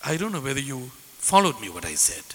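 A man preaching a sermon as a pastor, impassioned and fervent, at times breaking into shouts. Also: medium pitch, very animated, a little fast, husky, in a large hall.

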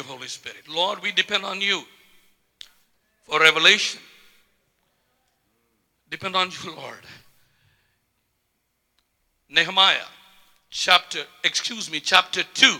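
Man preaching, high pitched, bright sharp tone, fervent repetitive delivery, long hall reverb. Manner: impassioned, repeats words, swings from soft to loud. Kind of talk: sermon.

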